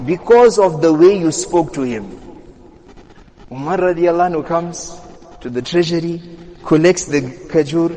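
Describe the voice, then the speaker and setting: A man with a fairly high voice delivers a sermon, telling a story with lively storytelling energy. He acts out the speakers in the tale and breaks into short recited Arabic passages. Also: moderate pace, pauses often, long reverb tail. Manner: animated retelling that acts out quoted speech. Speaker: Islamic scholar.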